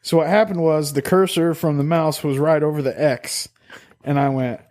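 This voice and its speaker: A man's voice: on the high side, fairly even intonation, normal speed, darkish tone. A man co-hosting a casual podcast over a remote call, laughing often and joking at his own expense. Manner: laughs a lot, self-deprecating. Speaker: podcast co-host.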